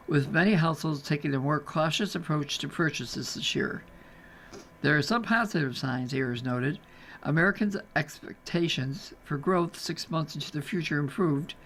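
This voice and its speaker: A man's voice: on the high side, normal speed, a bit bright, a little hiss or hum. A man reading newspaper articles aloud for a radio reading service, adding chatty asides as he goes. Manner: chatty, adds casual asides while reading. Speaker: volunteer reader.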